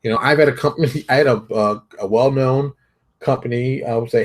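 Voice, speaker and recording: Male host, husky mid-pitched voice, emphatic unscripted monologue with lots of repetition. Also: brisk. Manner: emphatic, repeats points, frequent restarts. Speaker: host and game publisher. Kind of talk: solo opinion monologue.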